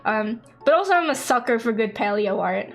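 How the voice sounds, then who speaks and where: A young woman streaming and chatting casually as a VTuber, excitable, laughing often and acting out quoted conversations. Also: on the high side, a little fast.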